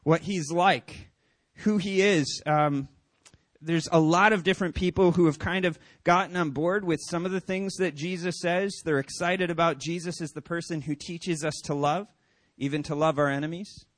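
A man preaching as pastor, telling a story with lively acted-out dialogue and then teaching. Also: a little high, normal speed, no echo. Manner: animated storyteller, acts out quoted voices. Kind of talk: sermon.

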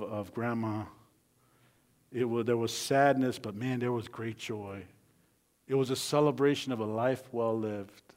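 A pastor with a mid-range voice preaches a sermon, swinging between loud bursts and hushed near-whispers. He repeats key phrases for emphasis.

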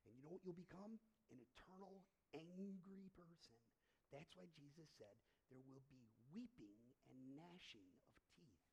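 A middle-aged man, a pastor, preaching a sermon in a conversational way with personal stories, moving between hushed asides and loud emphasis. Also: on the high side, lively intonation, measured pace, creaky, breathy edge, poor audio.

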